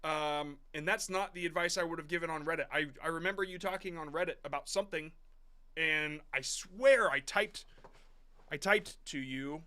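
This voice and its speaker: A man in his thirties talks through viewers' videos on a live stream, loose and rambling, with restarts and the odd swear word. His voice sits a little high and sounds bright and forceful. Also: normal speed. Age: 30s. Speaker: host reviewing viewers' short videos. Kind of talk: casual live-stream commentary.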